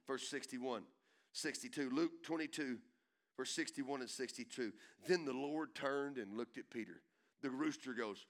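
A middle-aged man preaching a sermon, acting out voices and swinging from hushed lines to loud swells. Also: mid-range voice. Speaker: pastor.

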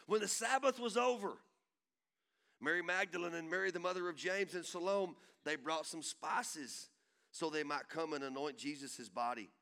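Bright-voiced man preaching with dramatic swells. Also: a little high, moderate pace. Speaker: pastor. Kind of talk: sermon.

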